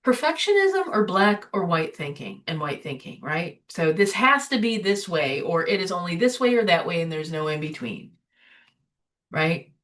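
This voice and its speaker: A woman with a fairly low voice leads an informal spiritual webinar. She speaks conversationally and keeps checking in with "right?" and "you know". Her voice sounds a little distant from the microphone. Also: very animated, moderate pace, a bit bright. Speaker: recovery webinar host. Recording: voice somewhat distant from the mic.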